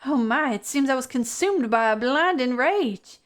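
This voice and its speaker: A woman's voice: high voice, lively intonation, normal speed. A woman voicing a feisty old female pug who talks like a genteel, fussy southern lady, in a put-on Southern US accent. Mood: prim.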